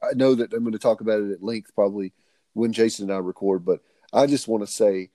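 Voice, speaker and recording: A man's voice: on the low side, fast talker, mellow, no room sound. A young man co-hosting a podcast, chatting casually with laid-back, joking banter and frequent swearing. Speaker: podcast co-host. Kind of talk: casual chat.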